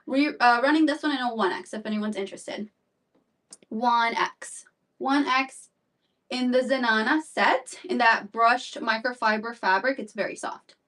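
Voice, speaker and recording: A slightly breathless woman runs a live shopping stream, rambling through sizes and prices with lots of fillers. Her voice sits a little high and comes from a bit away from the mic. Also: unhurried, a bit bright, recorded from a distance. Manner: chatty, rambling, fillers and repeats. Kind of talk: live-stream sales chat.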